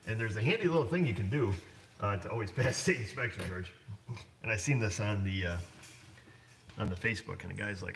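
A man's voice: fairly low pitch, a little fast, gravelly, pauses often, a bit bright, slight background noise. A blunt man running a repair shop, chatting casually on a livestream and rambling with lots of fillers. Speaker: auto shop owner.

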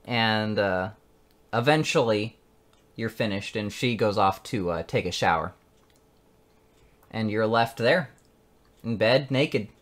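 A man narrating as game master of a tabletop game, unhurried and often laughing. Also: on the low side, a bit bright.

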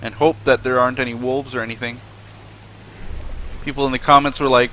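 A man's voice: mid-range voice, flat delivery, brisk, sharp tone, a little hiss or hum. A young man narrating his gameplay, talking tenderly and emotionally to the animals on screen. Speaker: gaming video host. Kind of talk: let's play commentary.

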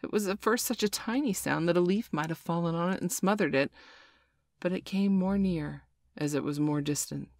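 A woman's voice: moderate pace, dry recording. Woman reading a storybook aloud, dry sound. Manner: acts out characters with raised pitch. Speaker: storybook reader.

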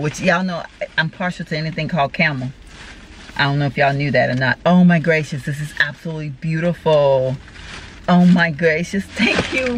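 A woman, talking casually and effusively to her viewers as she unboxes gifts, full of exclamations and heartfelt thanks. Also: low-pitched. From Texas. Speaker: vlogger. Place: parked car. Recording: car with road noise.

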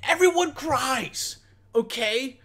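A commentary vlogger delivers sarcastic, profane reaction commentary, constantly adding "okay?" and "all right?" to his sentences. His voice is very high-pitched and fairly bright, with lively intonation and a slow pace.

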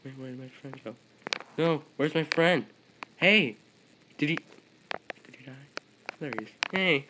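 A man commenting on his own gameplay as he plays, excitable, yelping at other players one moment and muttering to himself the next. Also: a little high, unhurried, long pauses, background noise. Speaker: gaming video creator.

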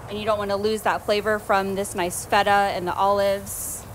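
A woman's voice: mid-range voice, little pitch movement, normal speed, slight background noise, poor audio. A woman leading a cooking demonstration on a TV show, friendly and agreeable as she walks through each step.

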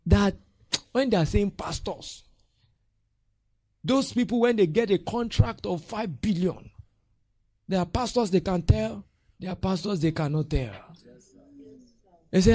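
A man's voice: high voice, unhurried, long pauses, dry recording. A Nigerian man preaching a sermon as pastor, acting out church members' voices as he talks. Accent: Nigerian English. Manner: animated, acts out church members' voices with laughter.

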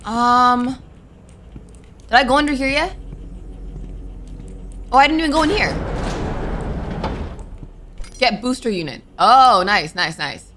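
With game music underneath, a young female streamer narrates her gameplay to herself, startling into nervous cries. Her voice sits on the high side and sounds a bit bright, with lively intonation, a slow pace and frequent pauses.

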